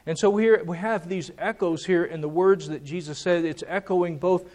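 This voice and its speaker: A man's voice: high-pitched, moderate pace, a little mellow. A man preaching a sermon, emphatic and repeating key words for stress.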